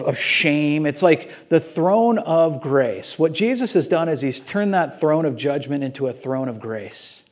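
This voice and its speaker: A middle-aged man preaching a sermon in a casual, animated storytelling way, acting out little voices as he goes. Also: fairly high pitch. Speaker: pastor.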